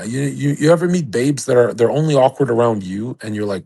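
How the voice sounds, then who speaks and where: A man's voice: mid-range voice, a little fast, vocal fry, hardly any pauses, warm tone, breathy edge, poor audio. A young man hosting a livestream, talking to his chat in a crude, boastful, rambling rant. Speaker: livestream host. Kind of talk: casual rant to a live chat. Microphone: streaming setup.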